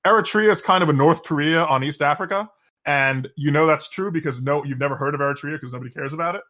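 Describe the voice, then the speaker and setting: A man's voice: fairly high pitch, fast talker, bright, forceful tone. A man co-hosting a podcast, chatting casually and sardonically about politics, rambling with frequent restarts. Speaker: podcast co-host.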